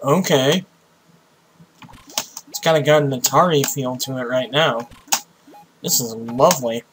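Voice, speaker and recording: A tired young man giving casual, profane commentary while playing a game, with sudden excited outbursts. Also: mid-range voice, unhurried, noisy background. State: tired, sleepy voice. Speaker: let's play host.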